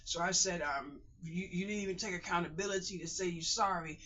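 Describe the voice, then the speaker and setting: A woman's voice: fairly low pitch, fairly quick, bright, forceful tone, dull audio, a little hiss or hum. A middle-aged woman in pain, giving emphatic, repetitive life advice to her viewers in a casual vlog monologue. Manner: emphatic, repeats phrases, calls viewers "boys and girls" and "honey". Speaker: vlogger.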